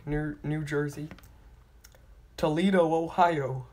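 A channel host slowly reading out a long list of place names, stumbling on hard ones, retrying them and apologizing for mispronouncing. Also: medium pitch, level tone, darkish tone, a little hiss or hum. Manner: apologetic about pronunciation.

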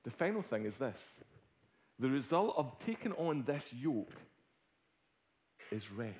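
A middle-aged Scottish man preaching a sermon as a guest speaker, telling a personal story with swings from hushed to loud. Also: medium pitch, very animated, a little slow, long pauses. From Scotland.

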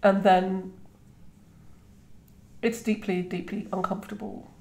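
Slow and flat, her medium-pitched voice has a slightly mellow quality. She's a reflective guest author in her fifties from Trinidad who speaks British English, heard in a conversational interview with frequent restarts and "you know." The space gives a roomy echo.

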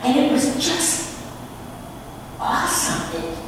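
A woman minister telling a story in a sermon, slowly and expressively in a church sanctuary. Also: high voice, far from the mic. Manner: slow, expressive storytelling with lively rises. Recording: echoey hall from afar, faint noise.

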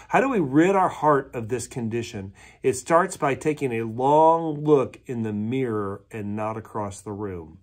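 A male pastor from preaching a sermon, retelling a parable with animated character voices, then dropping to hushed tones for tender lines. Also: medium pitch.

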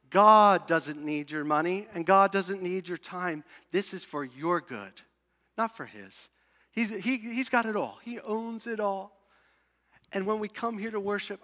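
Bright-voiced pastor preaching in a reverberant church. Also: male voice, fairly high pitch. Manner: emphatic, swings from loud to hushed; asks the congregation questions. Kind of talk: sermon. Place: church sanctuary.

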